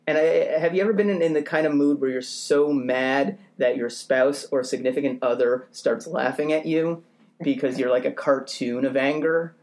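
A man spinning a comic story on a podcast, animated and self-mocking. His voice leaps up in pitch as he rants, and he lingers on his own misadventures for laughs. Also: moderate pace. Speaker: podcast co-host. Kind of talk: comedic storytelling.

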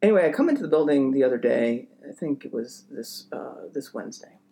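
A young man spins a comedic anecdote in casual podcast chat, his mid-range voice gravelly with fry. He rambles and hesitates, stacking fillers and self-deprecating asides as he goes. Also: mid-range voice, very animated, a little fast, warm tone. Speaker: podcast co-host telling a story.

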